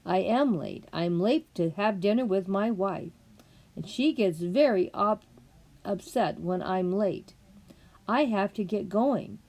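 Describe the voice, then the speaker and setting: A woman voicing a fussy, hurried male white rabbit who scolds and frets about being late. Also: mid-range voice, expressive, a little mellow. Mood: impatient.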